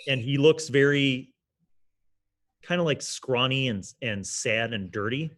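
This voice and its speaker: A man's voice: medium pitch, unhurried, fairly bright tone. A man narrating a tabletop game as game master, casual and descriptive with fillers.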